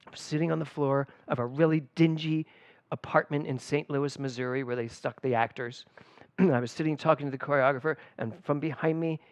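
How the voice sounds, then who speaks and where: A middle-aged man, a spiritual director, giving a conversational sermon at a church service, telling personal stories with lively emphasis. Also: fairly high pitch, a little fast, no room sound. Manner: animated and personal, storytelling with emphatic swings.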